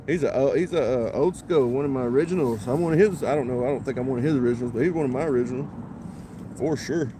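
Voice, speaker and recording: A man's voice: medium pitch, fast talker, background noise. A man live-streaming from a creek, chatting casually and muttering to himself between greetings to viewers. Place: outdoors at a creek.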